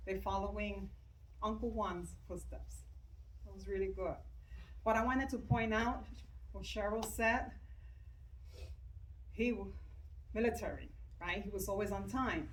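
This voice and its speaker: A woman's voice: medium pitch, unhurried, pauses often, recorded from a distance, slight background noise, rough recording. An older woman with a New York accent giving a chatty eulogy at a visitation, acting out remembered conversations. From Bronx, New York. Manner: chatty storytelling, acts out both sides of remembered conversations. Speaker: retired school staff member giving a eulogy. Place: funeral visitation room.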